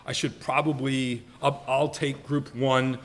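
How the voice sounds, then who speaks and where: A man's voice: medium pitch, level tone, a little slow. A man in his sixties giving a self-deprecating roast speech, teasing colleagues with playful mock voices. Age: 60s. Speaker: retiring professor being roasted. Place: banquet hall.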